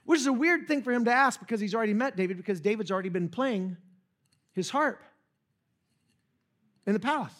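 A man's voice: high-pitched, lively intonation, fairly quick, long pauses, a bit bright. A young adult man preaching a sermon, retelling a story casually with jokes and asides to the audience. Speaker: pastor.

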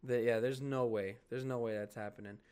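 A man's voice: mid-range voice, fairly even intonation, brisk, darkish tone, clean tone. A young man co-hosting a podcast, telling rambling stories in casual chat, full of "like", "dude" and swearing. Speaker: podcast co-host.

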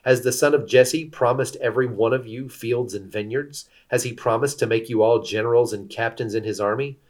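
A man's voice: medium pitch, a little fast, lightly acted. Saul, a man voicing an angry accusing king. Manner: accusing, demanding. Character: angry suspicious old king, shouting accusations.

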